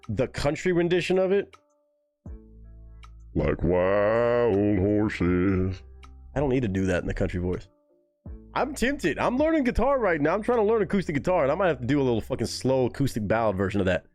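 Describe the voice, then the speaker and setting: Animated, foul-mouthed male streamer. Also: medium pitch. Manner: animated, profane, reads chat aloud. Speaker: live-stream reaction host. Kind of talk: casual live-stream chat. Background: faint music playing.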